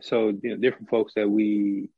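A man's voice: fairly low pitch, little pitch movement, normal speed, vocal fry, slightly rough, dry recording, narrow, tinny audio. A middle-aged man talking through ideas in a casual conversation, with many fillers and restarts. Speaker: podcast guest.

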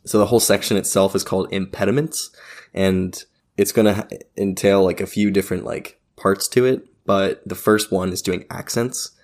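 A man's voice: low voice, steady tone, moderate pace, a little mellow. A young man co-hosting a casual podcast chat, telling stories loosely and swearing freely, with the odd cough. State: post-booster cough. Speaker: podcast co-host.

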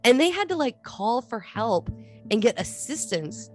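A woman co-hosting a podcast in casual chat, telling stories with lively acted-out quotes. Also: on the high side, measured pace, faint music behind. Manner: animated storyteller, acts out quotes. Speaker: podcast co-host.

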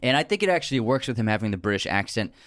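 A man's voice: on the low side, sing-song, very fast, a bit bright, dry recording, studio quality. A man co-hosting a podcast, chatting casually about films with frequent laughs and restarted sentences. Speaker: podcast co-host. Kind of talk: casual film discussion.

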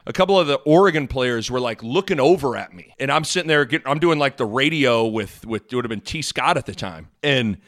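Animated man telling stories on a podcast. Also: fairly high pitch. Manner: animated, rambling storyteller. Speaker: podcast co-host and impressionist. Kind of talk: casual podcast chat.

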